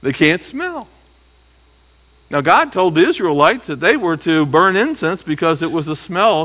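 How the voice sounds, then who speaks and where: Brief: male preacher, slightly high, bright tone, emphatic teaching sermon. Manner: emphatic, rhetorical questions, reads scripture aloud. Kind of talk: expository sermon.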